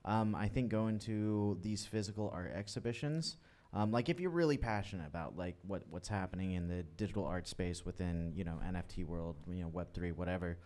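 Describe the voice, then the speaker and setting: A casual male podcaster rambles through his points with plenty of fillers and blunt emphasis. His voice sits a little low. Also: fairly quick, a little mellow. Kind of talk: casual chat.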